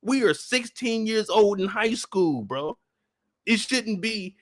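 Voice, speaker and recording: High-voiced man on a profane comic rant. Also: takes it slowly, dry recording, clean studio sound. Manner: animated, profane, exasperated storytelling. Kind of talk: comedic rant.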